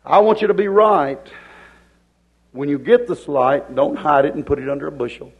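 Husky preacher man, hollering. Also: on the high side, highs cut off. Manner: shifts between hollering and hushed, drawn-out preaching. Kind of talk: sermon.

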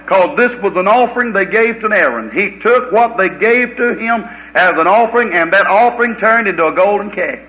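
A man preaching a fiery, folksy revival sermon, swinging from loud preaching to low muttered asides. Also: animated, moderate pace, hardly any pauses. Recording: dull lo-fi old recording.

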